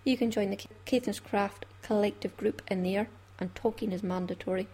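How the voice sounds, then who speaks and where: A woman's voice: mid-range voice, steady tone, brisk, a little mellow, slightly rough. A Scottish woman hosting a craft podcast in a chatty, laughing way. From Scotland. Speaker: podcast host. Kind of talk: casual chat.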